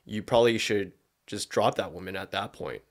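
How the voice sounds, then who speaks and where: رجل شاب يتكلم بعفوية ويكثر الشتائم. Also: male voice, lowish voice, moderate pace. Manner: profane, rambling, laughs often. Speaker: co-host. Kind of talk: casual reaction chat.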